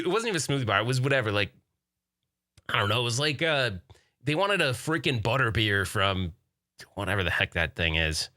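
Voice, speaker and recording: Briskly and with big swings in pitch, a man in his forties reads live chat questions on his podcast, rambling and laughing a lot. His voice is mid-range and sharp, recorded dry.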